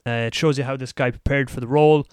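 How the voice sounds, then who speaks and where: A man's voice: mid-range voice, fairly even intonation, fast talker, darkish tone, clean tone, dry recording, clean studio sound. A man hosting a solo podcast, chatting casually and rambling about movies, laughing at himself now and then. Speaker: podcast host. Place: lives in Taiwan.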